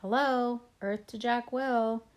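A woman's voice: mid-range voice, animated, moderate pace, natural voice. A woman reading aloud, voicing a smirking, taunting schoolboy bully. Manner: taunting, mock-innocent.

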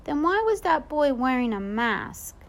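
An eager little boy with a high, bright voice, as a woman reader puts him on. He calls out insistently and asks curious questions, pitched well above the reader's own voice. Storybook reading. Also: big pitch swings, a little slow, heavily acted.

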